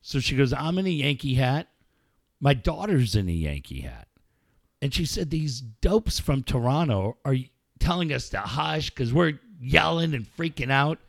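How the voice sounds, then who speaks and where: A man in casual chat, telling a profane, animated story to a friend. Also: medium pitch, measured pace, creaky, no echo, studio quality. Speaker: podcast co-host telling a story.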